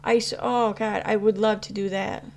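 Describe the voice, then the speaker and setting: A woman's voice: mid-range voice, little pitch movement, normal speed, creaky, slight background noise. A woman chatting casually on a live stream, answering chat with rambling talk full of fillers and restarts. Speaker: YouTube commentary host answering live chat.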